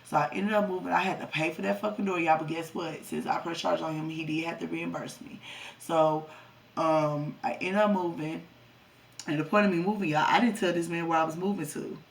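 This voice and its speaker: Young woman vlogger with a gravelly, creaky voice, blunt and profane, speaking a bit off-mic. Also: lowish voice, fairly even intonation, fairly quick, far from the mic. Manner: profane, blunt storytelling, talks to viewers as y'all. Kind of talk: storytime vlog.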